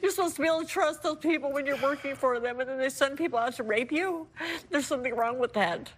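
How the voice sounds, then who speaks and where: A woman's voice: sits high, fast. A woman guest on a talk show who speaks in an aggrieved, exasperated way about her husband. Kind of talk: emotional confrontation.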